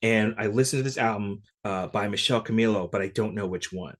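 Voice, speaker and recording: A guest musician in an interview tells an animated story, acting out the voices of the people in it and performing their quoted lines. His voice is fairly low and his delivery brisk.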